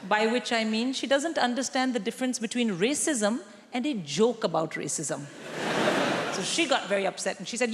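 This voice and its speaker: A woman's voice: fairly high pitch, animated, normal speed. A woman in her forties doing a stand-up set on a large theatre stage, telling dry, punchy stories to the crowd. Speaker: stand-up comedian. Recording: reverberant hall with audience noise.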